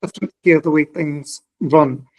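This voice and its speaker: A British man hosting a podcast, telling animated stories in casual chat, often restarting his words. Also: fairly high pitch, moderate pace. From United Kingdom. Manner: animated storyteller, stammers on restarts. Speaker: podcast host, spiritual medium.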